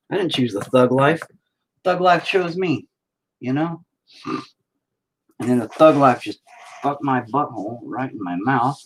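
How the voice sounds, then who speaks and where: A man's voice: medium pitch, unhurried, pauses often, slightly rough. A man streaming himself painting, rambling to himself and swearing nonstop in casual, self-critical commentary. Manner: talks to himself while working. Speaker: painter streaming his work.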